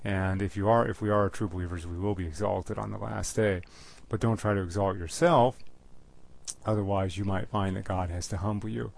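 Earnest male Bible teacher, lowish voice, plain delivery, reads verses slowly. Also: steady tone, creaky, a little mellow. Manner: plain, earnest, with frequent restarts and repeated words; reads scripture slowly and deliberately.

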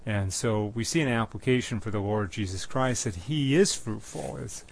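A man preaching a sermon and teaching from the Bible, speaking in a measured, repetitive way with frequent restarts. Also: fairly low pitch, vocal fry.

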